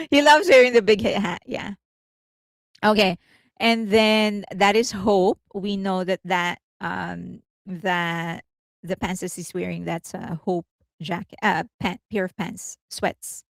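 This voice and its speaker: A woman hosting a casual entertainment news livestream, chatty and rambling, laughing often and thinking out loud. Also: mid-range voice, slow pace, creaky, no echo.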